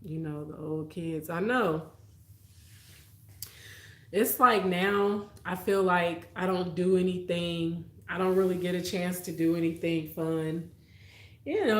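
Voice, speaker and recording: A young adult woman, telling childhood stories and chatting with viewers on a late-night live stream, laughing often. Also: on the low side. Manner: laughs often, storytelling, reads viewer comments. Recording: echoey room.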